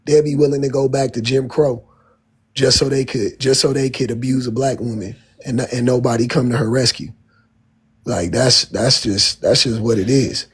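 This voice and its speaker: A man's voice: medium pitch, fairly even intonation, moderate pace, slightly rough. A man arguing bluntly and mockingly in a heated debate.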